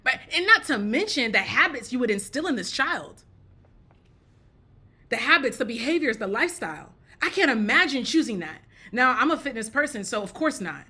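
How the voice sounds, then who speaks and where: A woman's voice: on the high side, sing-song, moderate pace, pushed and bright, breathy edge. A woman giving casual spoken commentary in a blunt, joking way, often repeating herself and breaking into laughter. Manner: repeats and restarts phrases.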